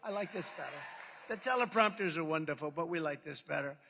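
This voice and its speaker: A man's voice: fairly high pitch, lively intonation, fast, creaky, bright, forceful tone, slight background noise. A man giving a rambling, boastful off-the-cuff speech at a rally, repeating himself for emphasis, into a podium microphone in a large indoor hall. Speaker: political speaker at a rally. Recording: long hall reverb, amplified.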